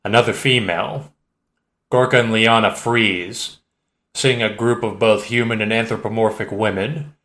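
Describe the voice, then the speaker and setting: A man reading an audiobook in a steady, measured narration. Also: lowish voice, echoey room. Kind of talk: scripted narration.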